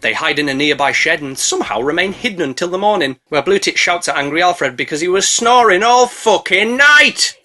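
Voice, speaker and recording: A man's voice: sits high, lively intonation, a little fast, hardly any pauses, bright, forceful tone. A man narrating a comedic movie recap, sarcastic and mocking, swearing freely.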